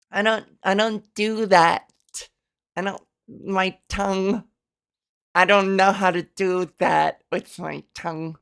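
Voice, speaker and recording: A woman's voice: medium pitch, expressive, slow, creaky. A woman comedian hosting her own podcast, rambling in a profane, self-mocking casual chat. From Canada.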